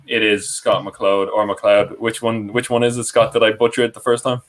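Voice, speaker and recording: Rambling young podcast host. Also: male voice, mid-range voice, little pitch movement, brisk, poor audio. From Ireland. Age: young adult. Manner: rambling, self-correcting, laughing often. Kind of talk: casual live stream chat.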